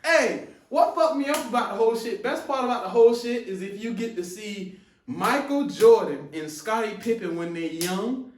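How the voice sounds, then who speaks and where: Laughing stand-up comic in an echoey room. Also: male voice, high voice, lively intonation, normal speed, distant mic, a little hiss or hum. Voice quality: loud, laughs through his punchlines, slips in impressions. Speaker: stand-up comedian. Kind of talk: stand-up comedy set.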